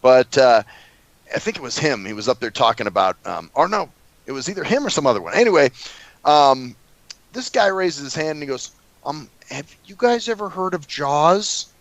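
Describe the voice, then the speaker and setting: A man's voice: mid-range voice, sing-song, brisk, dry recording. A man co-hosting a casual podcast chat, telling stories bluntly and crudely. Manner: crude, blunt storytelling, swears. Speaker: podcast co-host.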